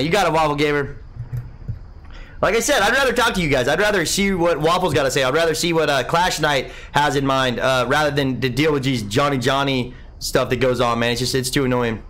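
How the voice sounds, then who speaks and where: The voice of this young game streamer is a little high and fairly bright. He's laid-back and rambling during his live stream, reading and replying to viewers' comments and saying "man" often.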